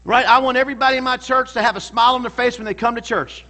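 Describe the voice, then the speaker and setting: A man's voice: extremely high pitch, steady tone, rapid-fire, sharp tone. A male pastor preaching a sermon in a church, emphatic and calling out to the congregation for responses.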